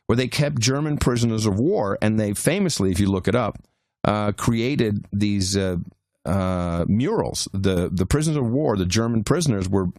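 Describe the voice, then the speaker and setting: This man co-hosts a podcast and wanders through a lengthy travel anecdote, restarting often and leaning on fillers in relaxed conversation. His voice is fairly low with a darkish tone, captured cleanly in a studio with no room sound.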